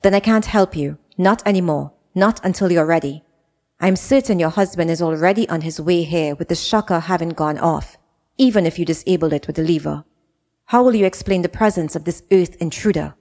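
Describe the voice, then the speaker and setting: A woman voicing a calm man of authority who asks measured, pointed questions in an audiobook. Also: fairly low pitch, long reverb tail, natural voice. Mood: probing.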